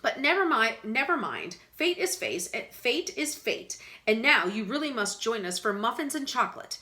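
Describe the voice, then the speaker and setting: A woman voicing a jovial, smooth-talking male lawyer with a theatrical, hearty manner, in a read-aloud storybook. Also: a little high, big pitch swings, moderate pace, pushed and bright.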